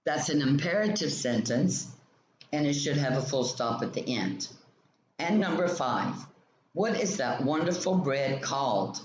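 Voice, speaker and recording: A male teacher slowly reading a grammar textbook lesson aloud, explaining each example sentence step by step. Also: medium pitch, animated. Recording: roomy, dull lo-fi sound with faint ambient noise.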